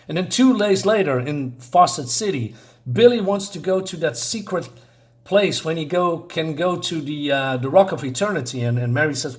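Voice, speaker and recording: Brief: male comic reviewer, slightly higher voice, loose rambling recap. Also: expressive, normal speed. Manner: rambling, reads character lines aloud between asides. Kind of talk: casual plot recap.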